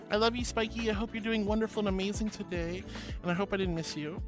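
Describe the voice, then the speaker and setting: A woman's voice: medium pitch, expressive, brisk. A woman streamer chatting casually and reading viewer comments aloud, bubbly, giggly and affectionate. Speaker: streamer host. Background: background music.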